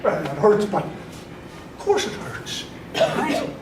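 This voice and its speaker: Animated man speaking in an echoey hall. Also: high-pitched, slow, a crowd in the background. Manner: animated, laughing, acts out quoted voices, asks "right?" often. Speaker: sports psychology speaker. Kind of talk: lively motivational talk to a live audience. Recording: echoey hall, miked from far off.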